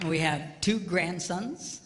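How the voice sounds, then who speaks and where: A man in his fifties telling comic stories at a marriage seminar, playful and animated, with quick restarts. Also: sits high, a loud crowd. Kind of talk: comedic stage storytelling. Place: large auditorium on stage. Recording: live hall with audience laughter and noise.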